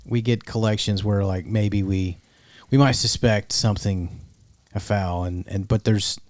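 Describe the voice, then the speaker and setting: Podcast cohost guy thinking out loud, kinda low voice, dry close sound. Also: steady tone, unhurried, dry recording. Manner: musing, hesitant, lots of "like" and "you know". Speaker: podcast co-host. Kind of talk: casual podcast chat.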